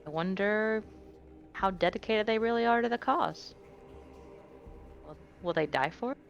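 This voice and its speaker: A woman's voice: mid-range voice, unhurried, vocal fry, dull audio, faint music behind, voice pushed up. A woman voicing a curious, thoughtful female adventurer in a tabletop game, musing aloud in character. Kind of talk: tabletop role-play in character.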